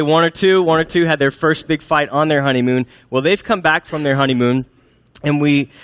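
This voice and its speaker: A man's voice: fairly high pitch, a bit bright, dry recording. Joking, conversational male preacher. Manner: humorous, conversational, asks the congregation questions. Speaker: pastor. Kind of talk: sermon. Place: church.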